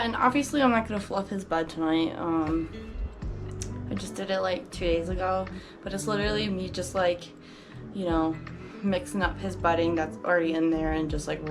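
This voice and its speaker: Chatty woman vlogging her pet care. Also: on the low side. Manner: chatty, lots of fillers, coos baby talk at her pet. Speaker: exotic pet keeper. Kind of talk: casual pet care vlog. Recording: background music.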